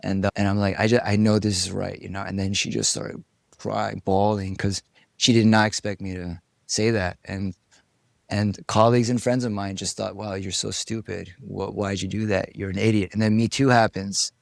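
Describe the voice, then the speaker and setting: A man being interviewed, telling stories from his life in a casual, animated way, acting out what people said and swearing now and then. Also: on the low side, normal speed, dry recording, studio quality. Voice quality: gravelly. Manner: animated storyteller, acts out quotes, swears. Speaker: interview guest. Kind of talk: casual storytelling.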